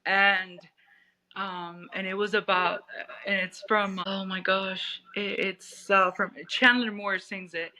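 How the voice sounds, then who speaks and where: A woman's voice: mid-range voice, level tone, takes it slowly, pushed and bright, poor audio. A woman from Puerto Rico, in her thirties, telling her life story as an interview guest, rambling with many restarts and fillers.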